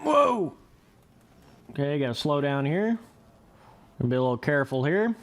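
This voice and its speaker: A young man giving casual, excitable commentary over motocross gameplay, laughing and trash-talking as he rides. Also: medium pitch, a little fast. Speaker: gaming commentator.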